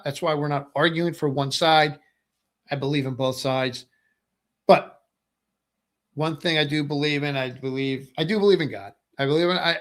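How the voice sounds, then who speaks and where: A middle-aged man hosting a webcast, talking through his views in a rambling, casual way, often asking "right?" and repeating phrases. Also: fairly high pitch. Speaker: webcast host. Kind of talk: casual political monologue.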